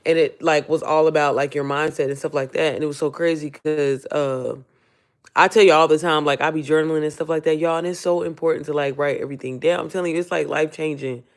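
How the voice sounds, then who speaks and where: A woman talks straight to her viewers in a loose live-stream Q&A, her voice hoarse and worn. She rambles, circles back, and speaks from the heart, often near tears. She keeps calling the audience y'all and sis. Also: deep voice, fairly even intonation, quick pace. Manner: emotional, close to tears. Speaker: online business coach.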